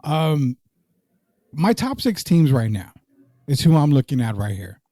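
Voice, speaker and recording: A man's voice: fairly high pitch, big pitch swings, measured pace, mellow, no room sound. Casual man, dry close sound. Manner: loose, joking, reads live comments aloud. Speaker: podcast co-host. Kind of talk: casual sports podcast chat.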